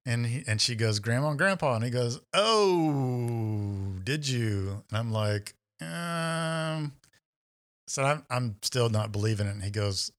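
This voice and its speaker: A man with a medium-pitched voice talks a bit fast and barely pauses as he narrates a story in relaxed podcast chat. He animates it by performing the voices of each person involved.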